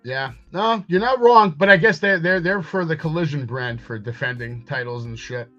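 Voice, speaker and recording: A man's voice: a little high, moderate pace, pushed and bright, dull audio, soft background music. Rambling male wrestling podcast host. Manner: rambling, recaps events, paraphrases promos. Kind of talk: casual commentary over clips.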